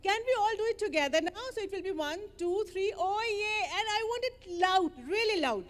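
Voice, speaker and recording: A woman leading children through an interactive story, animated and coaxing as she gives playful directions. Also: very high voice, fairly quick, in a large hall, slight background noise.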